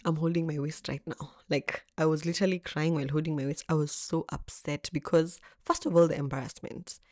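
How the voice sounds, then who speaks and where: A young woman tells her own story with lively, swinging emphasis and frequent swearing. Her speaking voice sits fairly low. The sound is close and dry, with no room echo. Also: fairly quick. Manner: animated, expressive, swears freely. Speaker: vlogger. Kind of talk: storytelling chat.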